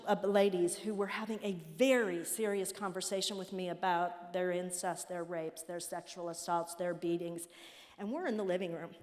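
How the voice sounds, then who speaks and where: A middle-aged woman addresses an audience with storytelling, her pitch sitting in the ordinary middle for a woman. She acts out the voices of the people in her stories. Her voice rings with the long tail of a large hall. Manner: animated storyteller acting out quoted voices. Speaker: nonprofit president speaking at a summit.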